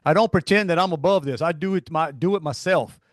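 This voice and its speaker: A man's voice: a little high, brisk, no echo, studio quality. A man co-hosting a casual podcast, giving folksy pep talks and saying "y'all" a lot. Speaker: co-host.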